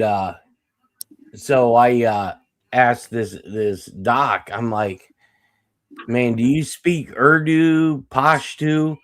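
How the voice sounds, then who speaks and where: A man on a live stream telling a long story, cursing freely and breaking into laughter between lines. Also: mid-range voice. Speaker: guest storyteller. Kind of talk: casual live-stream chat.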